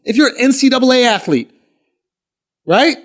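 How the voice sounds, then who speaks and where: High-voiced man talking bluntly. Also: animated, normal speed, fairly bright tone. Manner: blunt and profane, argues his point at length. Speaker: podcast co-host. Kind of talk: casual chat.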